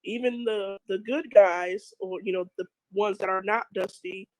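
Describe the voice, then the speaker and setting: A woman guest in a casual chat whose voice is rough from a cold, agreeable and quick to laugh. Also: medium pitch, fairly even intonation, a little mellow, no echo, rough recording. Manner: agreeable, laughs easily, talks in restarts.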